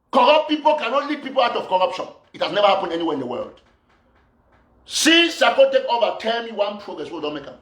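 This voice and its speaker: A man's voice: high voice, sing-song, a little fast, a bit bright, reverberant. A man with a Cameroonian Pidgin English accent, an activist host ranting fiercely at his live viewers and repeating lines for emphasis. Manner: fiery and accusatory, repeats phrases for emphasis. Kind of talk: impassioned political rant to live viewers.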